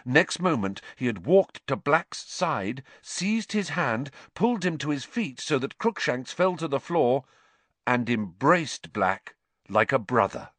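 Slow, lively male storyteller. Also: medium pitch, dry recording. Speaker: narrator. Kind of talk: audiobook narration.

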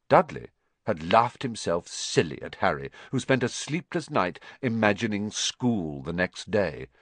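A man reads a storybook aloud in a lowish voice that rises and falls with the drama. His reading is expressive and animated. The sound is dry and close. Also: dry recording. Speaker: audiobook narrator. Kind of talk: storybook narration.

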